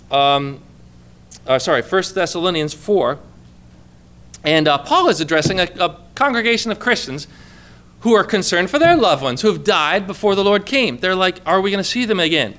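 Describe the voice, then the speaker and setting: Male pastor, sermon delivery; high, smooth, resonant voice; earnest, conversational. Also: a bit bright. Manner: earnest, conversational preaching with rhetorical questions.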